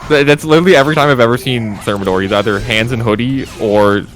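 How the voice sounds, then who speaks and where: A man's voice: mid-range voice, quick pace. A man co-commentating a fighting game stream, breaking down plays in a casual, analytical way and laughing easily.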